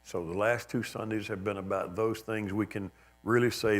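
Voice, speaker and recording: A man's voice: lowish voice, steady tone, moderate pace. A man in his seventies, a pastor, preaching a sermon in a church in a conversational, self-deprecating way, now and then mimicking others with a raised, emphatic voice. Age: 70s. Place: church sanctuary.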